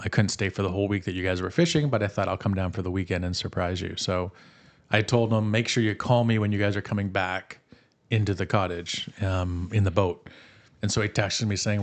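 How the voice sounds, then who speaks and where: A man co-hosting a podcast, telling a prank story to friends in a casual, animated way. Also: fairly low pitch, fairly quick. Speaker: podcast co-host.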